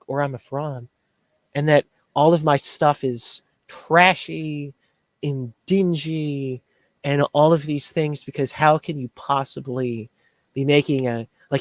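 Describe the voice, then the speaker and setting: A man telling a story in casual chat, ranting about a rival and mimicking him. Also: no echo. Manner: ranting, mimics others in a higher voice. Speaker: shirt shop owner.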